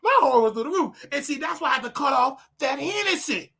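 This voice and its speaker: A male livestream host speaks casually in a bright, forceful, gravelly voice, fairly quick and with few pauses. His lively delivery swoops widely in pitch as he preaches to listeners and slips into laughing asides.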